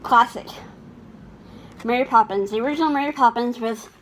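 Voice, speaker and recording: A woman's voice: a little high, moderate pace, lo-fi sound, a little hiss or hum. A woman chatting casually about her favorite movies, laughing often and restarting her sentences. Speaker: vlogger.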